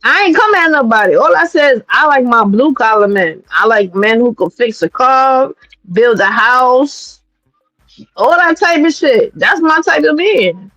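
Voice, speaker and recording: A woman's voice: high-pitched, lively intonation, a little slow, pushed and bright, no echo, highs cut off. Blunt, profane woman from New York. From New York City. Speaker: streamer host. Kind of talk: casual commentary livestream.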